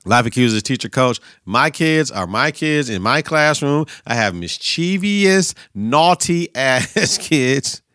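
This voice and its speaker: A young man hosts his own podcast solo, chatting about sports and coaching in a loose, slangy, profane way. His voice is bright and forceful. The sound is close and dry, with no room around it. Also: medium pitch, takes it slowly, hardly any pauses, no room sound. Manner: profane, slangy, animated riffing. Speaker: podcast host, teacher and coach.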